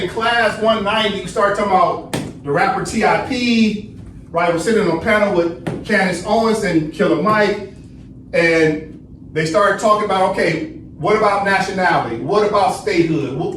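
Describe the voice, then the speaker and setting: A man with a high-pitched voice leads a study class. He poses questions and answers them himself, tagging "right?" onto his points. The sound is distant and roomy, with a faint hiss behind it. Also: fairly bright tone. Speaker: study session teacher. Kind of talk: lecturing class. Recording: roomy echo, distant mic, faint noise.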